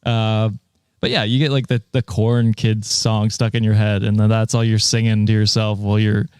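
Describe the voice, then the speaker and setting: A man's voice: fairly low pitch, little pitch movement, normal speed, a little mellow, clear, resonant tone, dry recording. A man co-hosting a casual podcast, rambling with lots of ums and frequent giggles. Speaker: podcast co-host.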